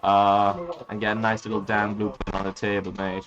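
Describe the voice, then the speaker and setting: A man's voice: on the low side, completely flat delivery, normal speed, dull audio, over music. A young man giving crude, joking, offhand live game commentary. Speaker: esports commentator.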